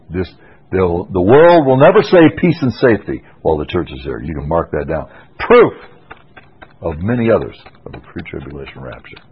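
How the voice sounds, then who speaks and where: A man with a low, slightly rough voice preaches an expository Bible sermon, pressing his points hard and rising to forceful insistence. It sounds like a dull, lo-fi radio broadcast.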